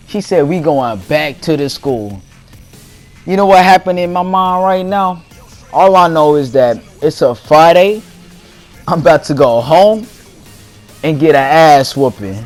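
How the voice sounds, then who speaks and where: Young man, casual slangy storytelling, faint music behind. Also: a little high. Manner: animated, slangy, laughs while telling. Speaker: gaming channel host. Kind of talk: casual storytelling over gameplay.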